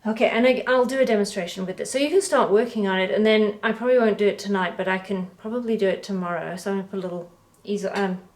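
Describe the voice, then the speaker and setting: A woman giving a relaxed, chatty painting critique as an art teacher, correcting herself as she goes. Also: mid-range voice, quick pace, hardly any pauses. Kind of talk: painting critique, talking while pointing. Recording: echoey room.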